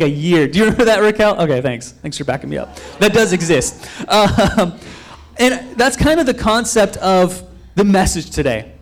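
A young man giving a loose, rambling sermon as a pastor, telling a story and acting out quotes of himself and others. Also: high-pitched. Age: young adult. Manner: loose, rambling with frequent fillers and restarts.

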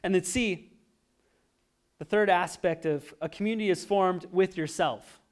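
Guy preaching a sermon, kinda high voice, gets loud then goes quiet. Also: measured pace. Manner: animated, swings from loud emphasis to hushed. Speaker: pastor.

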